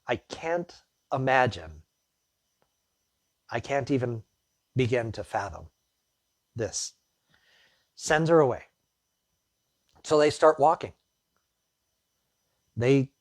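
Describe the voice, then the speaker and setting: Man, pastor, sermon, conversational retelling of scripture, everyday asides, middle pitch. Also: a little mellow, no echo, studio quality. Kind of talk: sermon teaching through a Bible passage.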